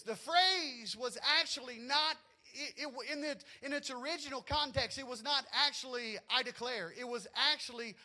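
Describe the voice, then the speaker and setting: A man's voice: very high-pitched, moderate pace, pushed and bright. A man with a Southern US accent preaching a sermon to his congregation in a church, folksy and joking with them. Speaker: pastor.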